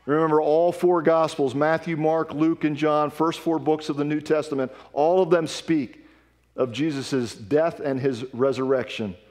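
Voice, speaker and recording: A man's voice: fairly high pitch, steady tone, unhurried, darkish tone, long reverb tail. A man preaching a sermon with earnest emphasis, reading scripture aloud. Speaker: pastor. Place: church sanctuary.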